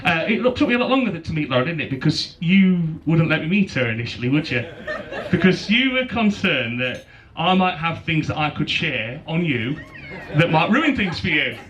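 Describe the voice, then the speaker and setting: Joking best man with a lively voice. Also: fairly high pitch, normal speed, muffled recording. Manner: joking, teasing the groom, laughing between lines. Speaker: best man giving a wedding speech. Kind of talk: wedding speech with a rhyming poem. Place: wedding reception venue with guests. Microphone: handheld microphone. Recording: wedding video with crowd noise. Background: crowd of guests laughing.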